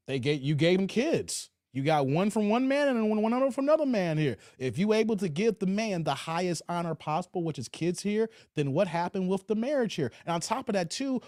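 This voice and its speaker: A man's voice: high voice, no room sound, clean studio sound. A man hosting a live reaction stream, giving his take on clips, laughing and reading out comments from chat. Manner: animated, laughing, talks to chat and reads out comments.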